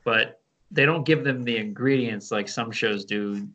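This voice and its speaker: A man co-hosting a podcast, laid-back and quick to laugh in casual chat. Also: medium pitch, sharp tone, muffled recording. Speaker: podcast co-host.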